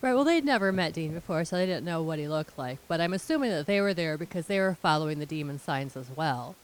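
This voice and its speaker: A woman's voice: low voice, animated, fast, rough recording. A woman co-hosting a casual recap chat, explaining scenes and acting out characters' lines as she retells them. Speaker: podcast co-host.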